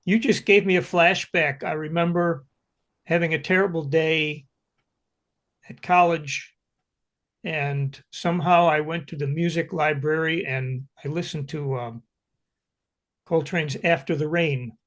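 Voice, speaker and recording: A male interviewer on a video call, asking slow, thoughtful questions with pauses and fillers. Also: fairly high pitch, steady tone, fairly bright tone. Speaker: interviewer for a jazz archive.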